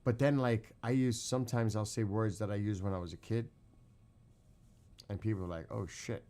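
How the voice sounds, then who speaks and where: A man's voice: on the low side, fairly even intonation, moderate pace, warm tone. A man with a New York accent chatting casually with his live-stream viewers late at night, quizzing the chat and laughing often.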